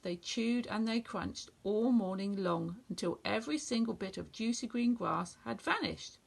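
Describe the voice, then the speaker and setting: A woman reading a children's story aloud in a gentle, expressive way. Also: medium pitch, normal speed, vocal fry, few pauses.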